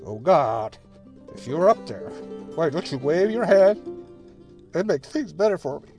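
A man's voice: on the high side, sing-song, a little slow, dark tone, faint music behind, voice pushed up. A man reading out a weary, despairing young immigrant farmhand who pleads with an empty sky. The farmhand sounds worn down and desperate, and his voice rises as he calls out for help. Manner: pleading, questioning heaven.

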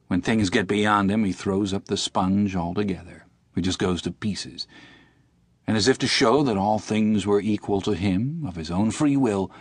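Man, audiobook narrator, measured steady reading, dry close sound. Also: sits low, breathy edge, no echo.

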